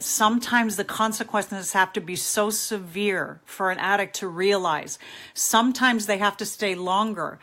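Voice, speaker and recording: A woman's voice: medium pitch, measured pace, pushed and bright. A middle-aged woman hosting a live advice stream, reading out viewer questions and answering them candidly and directly.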